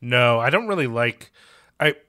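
A man with a bright, forceful voice co-hosts a casual podcast. He talks in an exasperated, emphatic way and swears freely as he makes his points. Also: medium pitch, lively intonation, measured pace, clear, resonant tone. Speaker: podcast co-host. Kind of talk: casual chat.

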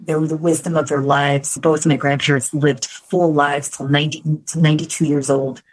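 A middle-aged woman from New York speaks in a low, candid voice, telling her own story as an interview guest. She is reflective and often trips over and restarts her words. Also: little pitch movement, moderate pace, low-quality recording.

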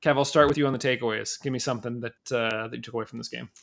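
A man's voice: medium pitch, steady tone, rapid-fire, gravelly, a bit bright. Easygoing man hosting a sports podcast. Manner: easygoing, chatty, lots of fillers like "um" and "like". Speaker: podcast host. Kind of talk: casual sports podcast chat.

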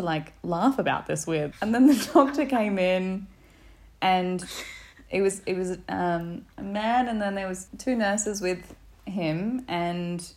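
A woman, a podcast guest telling a story in a casual, animated way, laughing often and saying "like" a lot. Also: mid-range voice. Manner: animated, laughing, many fillers like "like".

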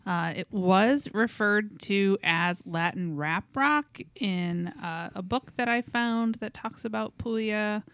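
A woman's voice: mid-range voice, slow, few pauses, a bit bright, clear, resonant tone, no echo. Co-host wanita, suara sedang, santai dan mudah tertawa, rekaman kering. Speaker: podcast co-host. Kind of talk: casual chat.

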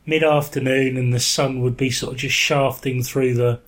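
A man in casual podcast banter, dry and teasing. He drops deadpan one-liners and mock-serious asides. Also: medium pitch, moderate pace. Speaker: podcast co-host. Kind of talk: casual chat.

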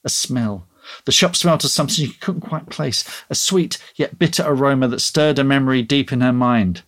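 A man's voice: mid-range voice, a little fast. A man reading a story like an audiobook. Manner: expressive, like an audiobook. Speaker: listener reading his own story.

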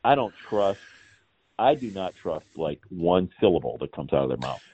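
A man in his forties, a podcast guest, ranting in an animated, scornful way in casual chat. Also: deep voice, normal speed, slightly rough, no room sound. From Cincinnati area, Ohio. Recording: tinny phone-like line.

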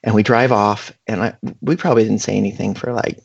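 A man telling a casual anecdote in a chatty, animated way, full of fillers. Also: lowish voice, fast talker, creaky, slightly rough, highs cut off. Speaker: guest storyteller.

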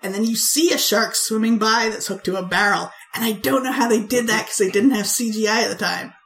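A woman co-hosting a podcast, telling stories in a casual, animated way and laughing often. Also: a little high, brisk. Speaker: podcast co-host. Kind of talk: casual chat. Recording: roomy echo.

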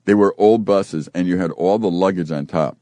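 An older man hosting a casual chat, telling animated stories and acting out the quotes. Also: low voice, normal speed, no room sound. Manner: animated storyteller who acts out quotes.

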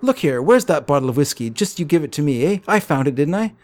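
A man reading out a gruff sea captain's comic-book lines, lightly voiced and a little higher than his usual talk. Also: big pitch swings, fast talker. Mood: demanding. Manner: read-aloud comic dialogue, lightly voiced.

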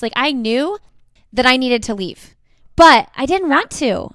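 A woman's voice: high voice, lively intonation, unhurried, a bit bright, no room sound, clean studio sound. A woman hosting a podcast, a parent reflecting conversationally on her own experience. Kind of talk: casual podcast chat.

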